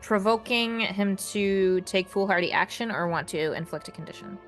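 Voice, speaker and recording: A woman's voice: mid-range voice, fairly even intonation, moderate pace, faint music behind. A woman running a tabletop role-playing game as game master, narrating the action vividly and laughing easily.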